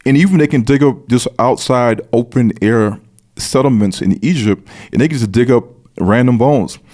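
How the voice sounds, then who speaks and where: A man's voice: medium pitch, moderate pace, darkish tone. A man explaining at length in conversation, earnest, often repeating and restarting phrases as he builds his point. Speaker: guest speaker on biblical history.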